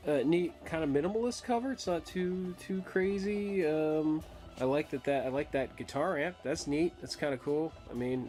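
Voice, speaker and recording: A man's voice: medium pitch, a little mellow. Rambling crude-joking man, casual vlog. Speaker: record collection vlogger. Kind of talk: casual to-camera chat.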